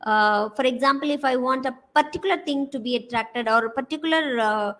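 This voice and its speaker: Woman, Indian English accent, design lecture, slightly high voice, halting with fillers. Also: fairly bright tone, poor audio. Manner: halting, many uh fillers, walking through slide examples.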